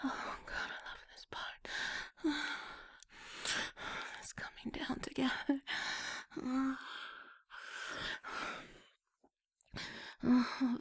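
A woman in an intimate whispered role-play, speaking in breathy whispers broken by soft moans, close to the mic. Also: a little high, dry recording. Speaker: audio role-play performer.

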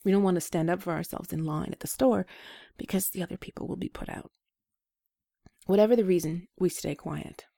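Female host, advice talk, low and gravelly, mellow tone, gentle self-deprecating delivery. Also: a little fast, dry recording, clean studio sound.

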